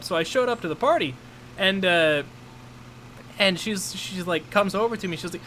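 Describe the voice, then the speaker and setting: Young male streamer, bright forceful voice, rambling anecdotes, faint background noise. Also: high voice, moderate pace, long pauses. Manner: rambling, animated storytelling with many fillers and restarts. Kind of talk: casual chat, storytelling.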